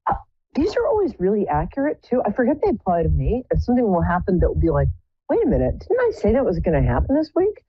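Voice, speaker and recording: A woman's voice: sits low, breathy edge, no echo, lo-fi sound. A woman hosting a live psychic show, chatting casually with wry, self-mocking jokes. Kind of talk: casual chat. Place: indoors, home.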